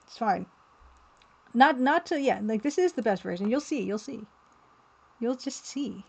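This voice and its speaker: A woman's voice: a little high, animated, measured pace, vocal fry, darkish tone. A woman livestreaming as an artist, chatting casually and playfully, with easy laughter. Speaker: livestreaming artist and game developer.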